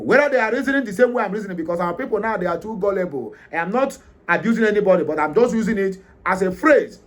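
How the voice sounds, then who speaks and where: A middle-aged Nigerian man with a Nigerian accent, giving an emphatic, repetitive opinion monologue with frequent hesitations. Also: sits high. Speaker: commentary host.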